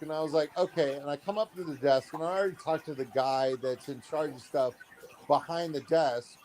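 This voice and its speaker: Speaking briskly in a voice on the high side, a man in his thirties recounts a story for his casual aquarium vlog. He is animated, acts out the people involved, and uses many fillers, with slight background noise.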